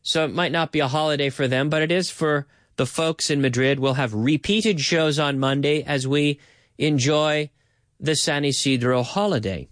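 A man hosting a bilingual English lesson for Spanish speakers, repeating phrases slowly for learners and mixing in Spanish words. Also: on the high side, a bit bright, no room sound, studio quality. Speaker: language teacher and podcast host.

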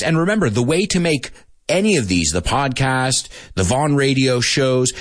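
A man hosting a casual podcast lesson for learners from a studio microphone, chatty and lively, slipping into Spanish to explain words. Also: medium pitch, no room sound. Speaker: English teacher and podcast host. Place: radio studio.

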